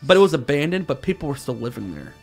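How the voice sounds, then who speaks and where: A man's voice: on the high side, big pitch swings, fast talker, creaky, soft background music. A man in casual podcast chat, talking in a rambling, profane, joking way. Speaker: podcast host.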